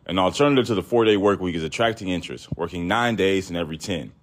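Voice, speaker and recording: A man hosting a podcast, telling a story in a casual, profane, animated way, acting out other people's voices. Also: low voice, fast. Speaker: podcast host.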